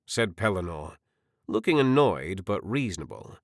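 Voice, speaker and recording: A man narrating a fantasy audiobook in an expressive, measured storytelling manner. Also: on the low side, no room sound, studio quality. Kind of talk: scripted narration.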